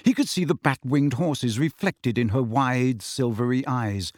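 A man in his thirties reading a novel aloud as narrator, with steady storytelling delivery. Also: mid-range voice, normal speed, no room sound, clean studio sound. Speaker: audiobook narrator. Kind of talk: scripted narration.

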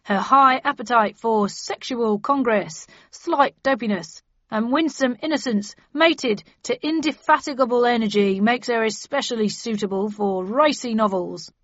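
A woman's voice: on the high side, fairly bright tone, no room sound. A woman putting on a smug, hard-nosed male auctioneer in a storybook reading. He speaks coldly and mockingly, drawing his words out. The recording is dry and a little dull. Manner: cold, mocking, drawn-out.

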